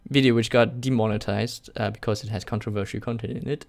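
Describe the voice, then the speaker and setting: A man's voice: on the low side, fairly even intonation, fast, vocal fry. A young man with a German accent who is native to German. He hosts a casual live stream and reads out chat questions, answering with sarcastic jokes and frequent laughter. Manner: sarcastic, joking, laughs often. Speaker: YouTube channel host.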